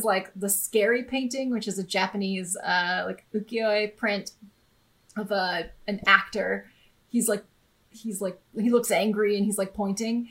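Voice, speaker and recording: A woman's voice: medium pitch, fairly bright tone. An American woman co-hosts a casual podcast chat. She sounds enthusiastic and rambles, breaking into laughter as she goes. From United States. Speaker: podcast co-host.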